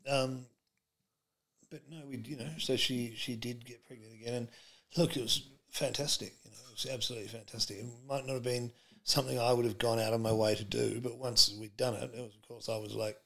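A man's voice: medium pitch, steady tone, a little fast, gravelly, a bit bright. A middle-aged man, a comedian telling stories as a podcast guest in a rambling way, full of fillers and restarts. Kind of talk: casual interview chat.

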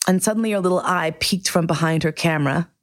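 A middle-aged woman hosting a podcast, telling a candid, profane personal story with lively acted-out quotes. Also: lowish voice, quick pace. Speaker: podcast host.

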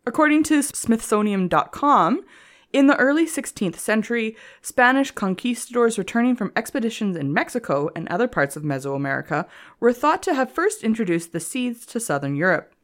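A woman's voice: on the high side, very animated, normal speed. A woman co-hosting a casual comedy history podcast, reading her notes aloud and laughing often. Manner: giggly, reads notes between jokes. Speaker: podcast co-host.

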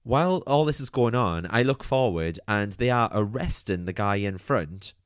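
Chatty man with a smooth voice. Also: on the low side, lively intonation, moderate pace, no echo, clean studio sound. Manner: chatty and candid, peppered with "like" and mild swearing. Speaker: podcast host. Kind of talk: personal storytelling monologue.

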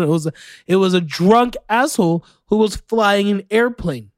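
Excitable profane podcast host, man. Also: high-pitched, moderate pace, no echo. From Orlando, Florida, USA. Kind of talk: casual solo podcast commentary.

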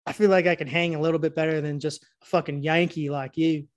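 A man's voice: a little high, flat delivery, fast talker. A man from Florida chatting in loose, profane banter on a podcast, rambling and laughing often. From Florida, USA. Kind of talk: casual crude banter.

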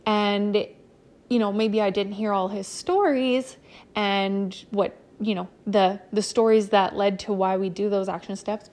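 A woman in the middle of her natural pitch range talks straight to her listeners in a solo motivational podcast episode. Her delivery is loose and unscripted, full of "like" and "you know", and she swears now and then as she coaches her audience. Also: darkish tone. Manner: casual, candid, filler-heavy with frequent "like" and "you know"; occasional swearing. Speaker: podcast host and business coach.

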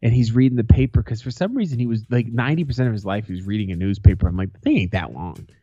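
A man's voice: mid-range voice, very fast, dark tone, husky, dry recording, dull audio. A man co-hosting a casual podcast, swearing freely and laughing through his stories. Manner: profane, laughing storyteller. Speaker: podcast co-host.

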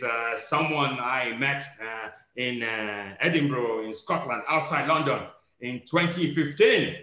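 A man's voice: a little high, sharp tone, exaggerated voice. A man playing a pompous self-made president. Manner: grand, slow, halting speech with stumbles. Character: pompous self-styled male president hosting a podcast. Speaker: host. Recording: roomy echo.

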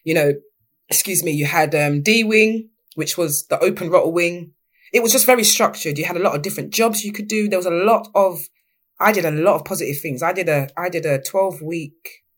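A young woman talks candidly as an interview guest. Her telling is lively and animated, and her voice jumps when she acts out what other people said. It sounds like easy, open conversation. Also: lowish voice, a little fast. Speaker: podcast guest.

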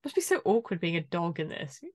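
A woman's voice: lowish voice, sing-song, brisk, no room sound, clean studio sound. A woman co-hosting a casual podcast chat, swearing freely and acting out the people she talks about. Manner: swearing, mimics people in quotes, laughs often. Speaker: podcast co-host.

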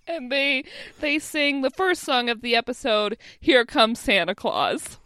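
A woman co-hosting a podcast, recapping an episode in casual chat with frequent laughs and quick asides. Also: sits high, pushed and bright, smooth, no room sound, studio quality. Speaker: podcast co-host.

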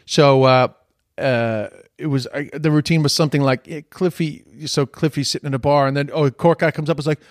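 A man's voice: fairly high pitch, level tone, quick pace, few pauses, no room sound. Irish comedian guy, middle-aged, rambly storytelling, lots of restarts and swearing, dry close sound. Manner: rambling, many self-corrections, swears casually. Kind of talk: casual storytelling.

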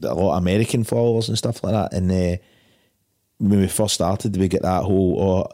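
A man's voice: deep voice, steady tone, fairly quick, warm tone. A man with a Scottish accent co-hosting a film podcast, casual, blunt and sweary, often agreeing. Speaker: podcast co-host.

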